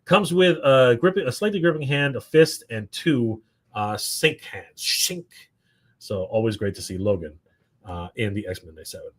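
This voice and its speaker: A man hosting a live stream, rambling excitedly with lots of fillers and restarts. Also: mid-range voice, moderate pace. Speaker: toy show host. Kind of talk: casual live-stream commentary.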